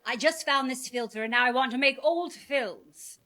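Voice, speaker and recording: A woman's voice: sits high, normal speed, bright, forceful tone. A woman chatting playfully to the camera about making old-style films. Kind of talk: casual talk to camera.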